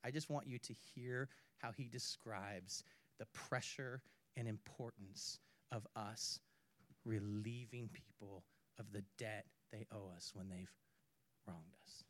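A man preaching a sermon, swinging from hushed to loud and back, with playful asides. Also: fairly low pitch, fairly even intonation, slow pace, no echo. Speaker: pastor.

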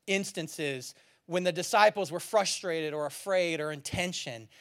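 A pastor giving a sermon as an animated, colloquial storyteller who laughs often. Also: mid-range voice.

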